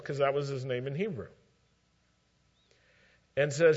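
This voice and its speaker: A man preaching a sermon, retelling scripture with emphatic, measured storytelling and dry asides. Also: mid-range voice. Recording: dull lo-fi recording.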